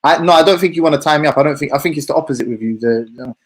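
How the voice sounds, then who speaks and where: A man's voice: a little high, very fast, breathy edge. A man in heated casual banter, protesting and repeating himself.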